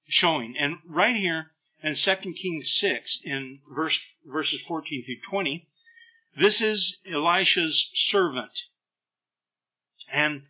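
Middle-aged male preacher, bright and forceful tone, slightly high voice, animated storyteller. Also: rough recording. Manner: animated storytelling preacher, acts out scripture lines. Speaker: pastor. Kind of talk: sermon.

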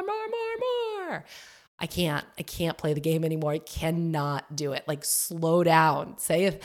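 A young adult woman hosting her own podcast, talking casually and animatedly, with lots of "like" and "you know". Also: lowish voice. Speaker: podcast host. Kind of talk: casual solo podcast monologue.

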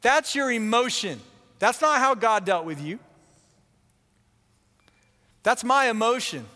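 A man preaching a sermon as pastor, animated, acting out quoted voices and often repeating words as he goes. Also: very high-pitched, takes it slowly, long reverb tail.

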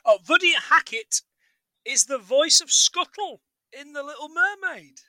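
A man's voice: extremely high pitch, lively intonation, a little slow, sharp tone, no room sound, rough recording. A man co-hosting a casual film recap, rambling and joking and acting out lines from the movie. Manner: rambling, jokey, acts out quotes. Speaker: podcast co-host.

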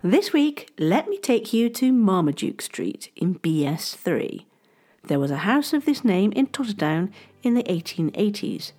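A woman narrating a historical story in a measured, scripted storytelling style. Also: mid-range voice, sing-song, mellow, soft background music.

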